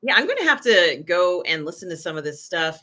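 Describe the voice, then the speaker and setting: A woman's voice: lowish voice, sing-song, a little fast, sharp tone. A woman hosting a live stream, reading out viewer comments in an upbeat, effusive way. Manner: upbeat, effusive, many fillers. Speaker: host.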